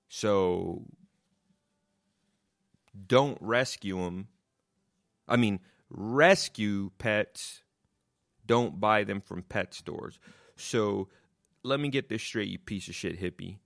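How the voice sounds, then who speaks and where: A man's voice: fairly low pitch, slow, creaky, long pauses, fairly bright tone. A man delivering a profane, mocking comic rant, swearing constantly and hammering the same insults. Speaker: comedian.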